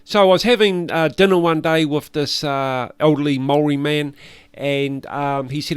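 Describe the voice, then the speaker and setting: A man's voice: fairly high pitch, steady tone, normal speed, clean tone, dry recording. A man with a New Zealand accent, the guest on a casual chat podcast, telling self-deprecating stories with laughs.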